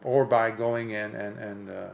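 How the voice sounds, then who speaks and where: Man, Buddhist monk, impromptu dharma talk, gravelly voice, earnest and emphatic, frequent restarts. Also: fairly even intonation, a little slow, narrow, tinny audio. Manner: earnest, emphatic, rising in pitch for repeated points, with frequent restarts.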